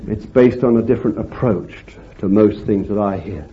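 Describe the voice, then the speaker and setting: A man preaching a fervent sermon, swinging between loud exclamations and quiet asides. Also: lowish voice, moderate pace, slight background noise. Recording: dull lo-fi recording.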